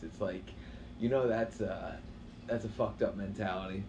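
A man's voice: mid-range voice, animated, moderate pace, darkish tone, far from the mic, a little hiss or hum. A man on a podcast chatting casually, swearing as he muses aloud and restarting his sentences. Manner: questioning, profane, hesitant restarts. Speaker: podcast co-host. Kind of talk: casual chat. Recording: roomy, dull, slightly muffled.

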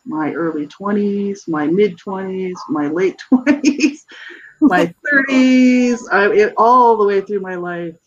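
A middle-aged guest author giving a personal testimony in an interview, earnest and halting, with many restarts. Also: medium pitch, slightly rough, lo-fi sound.

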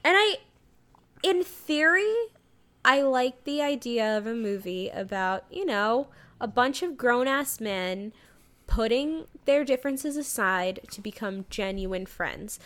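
A woman's voice: a little high, lively intonation, slow, fairly bright tone. A young woman casually recapping a movie plot in a rambling, chatty way, laughing now and then.

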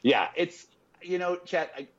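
A man's voice: high-pitched, a little slow, highs cut off. A man hosting a casual movie podcast. He talks chattily and stumbles over his words often. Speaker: podcast host.

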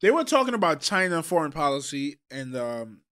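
A man from Trinidad co-hosting a casual podcast, talking in an animated way with swearing and quick asides. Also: on the high side. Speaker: podcast co-host.

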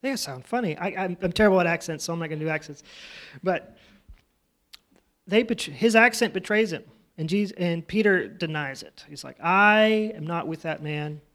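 A man's voice: high-pitched, animated, fairly quick, a bit bright. A man teaching a children's church class, retelling a Bible story in his own casual words and asking the kids questions. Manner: conversational, asks the children questions.

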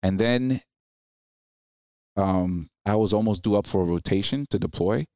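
A man's voice: fairly low pitch, measured pace, smooth, no room sound, studio quality. A man in his thirties, a military veteran guest, telling stories in a casual interview and acting out the people he quotes. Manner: animated, acts out quoted people in raised voices. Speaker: podcast guest, Marine veteran.

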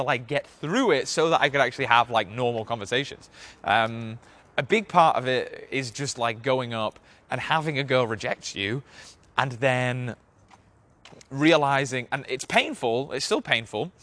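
A young man with a bright, sharp-edged voice talks through a casual podcast monologue. His delivery is loose and rambling, thick with filler words and swearing, at an ordinary mid pitch. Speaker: podcast host.

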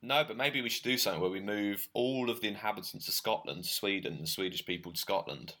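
Man, low pitch, bright tone, casual joking podcast chat. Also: quick pace. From Britain. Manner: joking, rambling, self-mocking. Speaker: podcast co-host.

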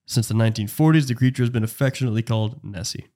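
A man's voice: medium pitch, dark tone. Young man reading podcast notes aloud. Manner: reads haltingly with slips and restarts. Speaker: podcast co-host.

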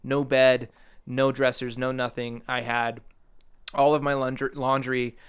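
A young man recounts a chaotic night in a casual, rambling way, poking fun at himself. His voice is smooth and clear, sitting at an ordinary middle pitch. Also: little pitch movement, a little slow. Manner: rambling, self-mocking, laughs through his story. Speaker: storyteller guest. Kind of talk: casual storytelling chat.

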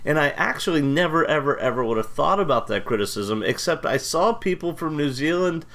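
A man's voice: on the high side, expressive, brisk, gravelly, fairly bright tone. Rambling American man, casual podcast chat. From United States. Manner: rambling, self-deprecating, jokey. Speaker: podcast co-host.

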